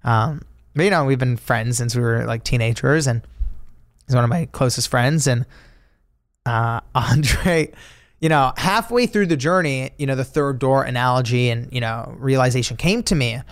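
A man guesting on a podcast as an author, telling stories casually, animated and laughing, with swearing and many filler words. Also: mid-range voice, moderate pace. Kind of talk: casual storytelling.

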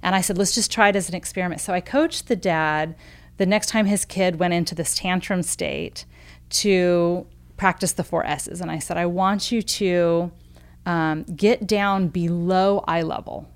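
Animated woman telling a coaching story. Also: fairly low pitch, unhurried. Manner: animated storyteller who acts out quoted dialogue, with frequent "um" and "like". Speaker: parenting expert and coach. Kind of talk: podcast interview storytelling.

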